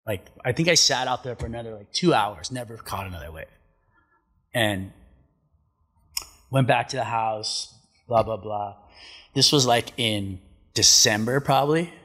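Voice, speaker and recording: A man's voice: mid-range voice, a little slow, pauses often, a bit bright, slightly rough. A middle-aged man telling stories in a casual chat, laid-back, swearing a lot and acting out what people said. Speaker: podcast guest, pro surfer. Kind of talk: casual storytelling. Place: studio.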